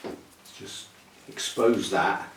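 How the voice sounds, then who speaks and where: A man, hosting a chatty orchid video, thinking aloud with little chuckles as he packs and repots plants. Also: very slow. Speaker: orchid channel host. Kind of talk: casual chat while packing and repotting plants. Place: indoor room, working with plants. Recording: roomy, somewhat distant, faint noise.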